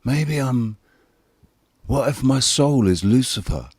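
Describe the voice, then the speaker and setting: A man's voice: mid-range voice, animated, slow pace, a little mellow, husky, no room sound. A man in casual live panel chat, rambling and self-questioning with lots of swearing. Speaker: livestream panelist.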